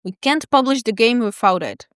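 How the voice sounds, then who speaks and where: A woman's voice: a little high, animated, fairly quick, roomy sound. A young woman from Czechia narrating a storytime animation, chatty and lightly self-mocking. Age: young adult. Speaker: student animator and devlog narrator.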